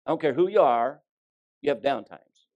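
A man preaching a sermon, telling folksy stories and swinging between loud emphasis and hushed delivery. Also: medium pitch, animated, normal speed, highs cut off. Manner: folksy storytelling with fillers.

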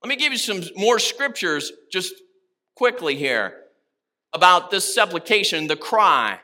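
Male pastor, high and very bright voice, impassioned sermon, swings from hushed to loud. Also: very animated, unhurried. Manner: impassioned, rising to shouts on key words.

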